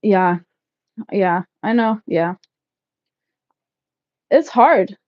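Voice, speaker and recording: A woman in her thirties chatting casually with live viewers while packing up, loud and laughing, swearing freely. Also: mid-range voice, expressive, very slow, dry recording, lo-fi sound. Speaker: livestream vlogger. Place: shed, packing up.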